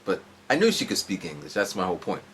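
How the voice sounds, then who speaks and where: A man in his forties tells a long, rambling story in a casual home vlog, hopping from one thing to another. He has a deep voice with wildly swooping pitch and talks fast, with a little hiss or hum in the audio.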